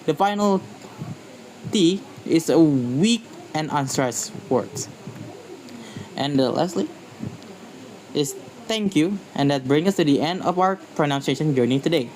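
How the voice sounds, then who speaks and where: A man's voice: a little high, a little mellow, slight background noise, low-quality recording. A man giving a slide-based pronunciation lecture, speaking carefully and repeating example words to model their stress.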